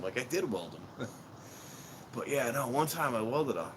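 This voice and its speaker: A man's voice: mid-range voice, very animated, fairly quick, a little hiss or hum. A middle-aged man chatting casually on a live stream, telling rambling, self-mocking stories outdoors.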